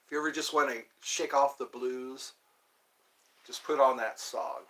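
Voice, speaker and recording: A man's voice: mid-range voice, unhurried, bright, forceful tone. A man hosting his own vlog, rambling from topic to topic, laughing at himself and breaking into bits of song. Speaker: channel host. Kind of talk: rambling solo vlog chat.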